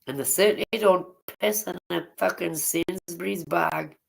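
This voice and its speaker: A woman's voice: on the low side, moderate pace, gravelly, poor audio. A woman chatting casually on a livestream, blunt and swearing freely as she greets viewers by name. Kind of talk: casual live-stream chat with viewers.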